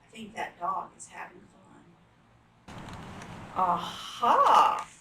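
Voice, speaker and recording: A woman reading picture books aloud to children, animated and full of gasps and exclamations. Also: on the high side, slow, roomy sound, far from the mic, low-quality recording. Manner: animated, gasping, exclaiming to young listeners. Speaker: children's storytime reader.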